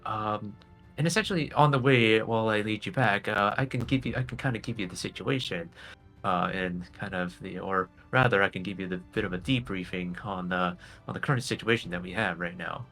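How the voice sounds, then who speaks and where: A man voicing an eager young male Pokemon explorer who talks in a polite, halting, apologetic way. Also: lowish voice, bright, forceful tone, faint music behind. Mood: earnest.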